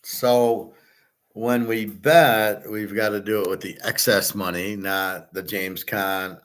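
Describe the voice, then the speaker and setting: A man's voice: on the low side, flat delivery, takes it slowly, a bit bright. A man hosting a casual stream, talking bluntly and in a rambling way, swearing and answering chat comments. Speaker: host. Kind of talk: casual livestream talk on betting and gold.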